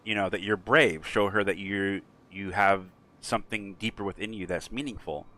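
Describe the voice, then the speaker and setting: A calm female fortune teller who reassures in a soothing, matter-of-fact tone, as a man puts her on. The voice stays low and even. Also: moderate pace. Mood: reassuring.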